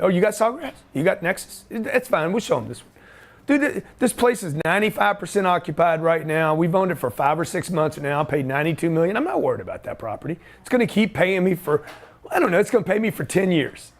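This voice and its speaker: A middle-aged man hosting a loud, joking talk about his deals, pushy and full of slang. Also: high voice. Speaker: host. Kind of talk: energetic office talk to camera.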